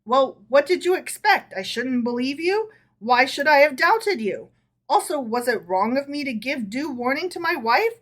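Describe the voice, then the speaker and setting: A woman's voice: sits high, big pitch swings, normal speed. A woman reading aloud voices a sly male jester who plays innocent while pulling a prank. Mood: wry. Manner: wry, innocent-sounding.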